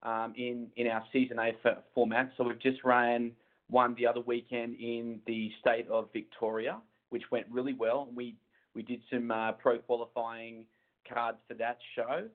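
A man from Australia with an Australian accent, a guest speaking in a measured way with many pauses. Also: mid-range voice. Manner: even, measured with many ums. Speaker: guest, bodybuilding federation president. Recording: tinny phone line.

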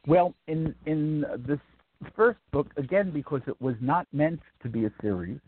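A man's voice: fairly high pitch, lively intonation, normal speed. A man in his eighties from Brooklyn, an author answering interview questions in a rambling, reflective way with many ums and restarts. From Brooklyn, New York. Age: 80s. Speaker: author guest. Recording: tinny dry phone line.

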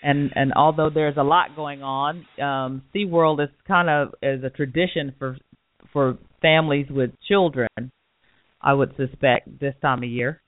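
Lady radio host, friendly quick comebacks, sounds like over the phone. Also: deep voice, fairly even intonation, no echo, narrow, tinny audio. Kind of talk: radio talk show.

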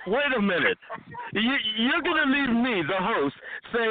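A man's voice: very high-pitched, very animated, slow, a loud crowd. A male radio host interviewing a guest in a casual, playful way, laughing and teasing. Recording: tinny phone line, dry.

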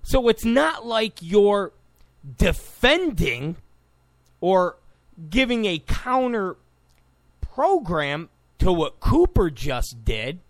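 A man's voice: high voice, very animated, very slow, dry recording. A man delivering a combative, sarcastic political monologue, repeating points for emphasis. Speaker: political commentator. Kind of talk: opinionated monologue.

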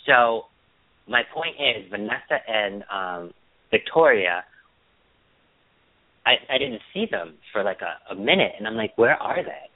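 A man's voice: big pitch swings, measured pace, long pauses, dry recording. Chatty man on a tinny phone line. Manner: chatty storyteller, acts out quotes in a high mocking voice. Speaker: podcast co-host. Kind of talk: casual chat.

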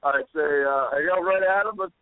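A young man co-hosting a podcast, telling rambling stories in an animated way and yelling the quoted lines. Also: on the high side, fairly quick, smooth, dry recording. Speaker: podcast co-host. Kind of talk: casual storytelling chat. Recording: dry, tinny phone-like audio.

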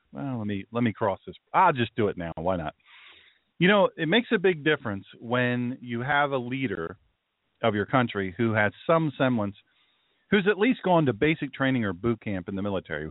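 On his podcast, a male pastor speaks in a medium pitch, drifting loosely through conversational asides and then picking his thread back up. The recording is completely dry and narrow, like it came through a phone line, with no room at all.

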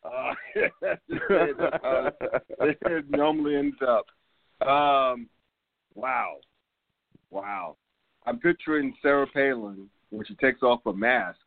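A man's voice: medium pitch, slow, long pauses, no room sound. A man in his fifties hosts a casual sports talk show, rambling from topic to topic with plenty of fillers. His voice comes through a tinny, phone-like line. The sound is dry and close, with no room around it. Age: 50s. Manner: loose and rambling, with many fillers and laughs. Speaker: podcast host.

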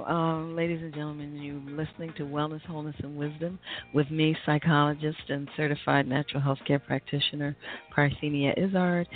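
A woman hosting a radio talk show, encouraging her guest and reading sponsor details, over a tinny phone line. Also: sits low.

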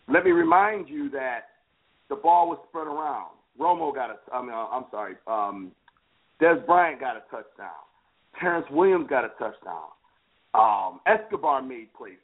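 A man hosting a casual sports talk show, animated and teasing, speaking with emphasis. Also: mid-range voice. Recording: phone-like lo-fi line.

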